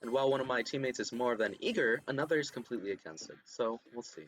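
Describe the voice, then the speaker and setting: A man voicing a serious young woman student and team leader who speaks in a measured, formal way, with faint music behind. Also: medium pitch, expressive, a bit bright, close to an everyday voice.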